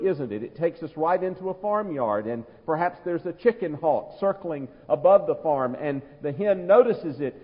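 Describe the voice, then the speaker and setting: A man preaching an earnest, emphatic sermon, slowing down for the quoted words. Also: on the high side. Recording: dull sound, long church reverb.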